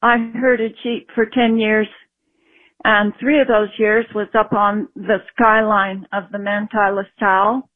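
A woman from Utah, a former sheep herder, calling in and telling a story slowly with many pauses. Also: mid-range voice, no echo. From Utah, USA. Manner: slow and halting, with fillers. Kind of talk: phoned-in storytelling. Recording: phone line.

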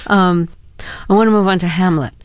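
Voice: mid-range voice, steady tone, a little fast, dry recording. An interview host asking an actor long, conversational questions, with frequent ums and likes.

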